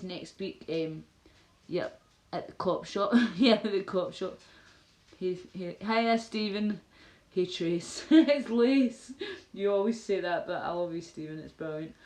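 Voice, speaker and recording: A Scottish woman chatting casually on a livestream, swearing freely and rambling as she answers viewer comments. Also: lowish voice. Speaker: livestream host. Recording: roomy echo.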